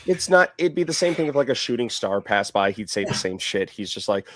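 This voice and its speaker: A man's voice: mid-range voice, big pitch swings, fairly quick, fairly bright tone, a little hiss or hum. Casual male podcast co-host.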